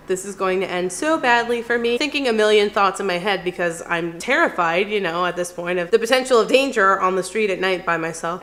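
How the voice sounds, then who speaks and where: A woman's voice: mid-range voice, a bit bright. Woman, vlogger, casual storytime, chatty, frequent laughs, acts out voices.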